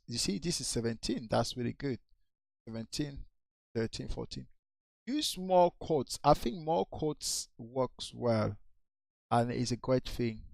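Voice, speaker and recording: A man slowly reviewing an account's social media posts, repeating his advice in a coaching way. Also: mid-range voice, no room sound. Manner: slow, repetitive, coaching. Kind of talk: casual screen-share review.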